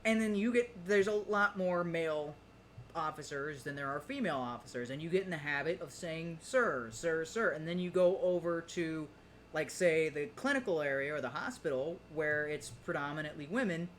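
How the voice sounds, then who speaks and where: A man with a fairly high voice rambles through a casual podcast chat, jumping into little acted-out quotes as he talks. A faint hiss sits under the recording. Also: normal speed, fairly bright tone. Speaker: podcast co-host.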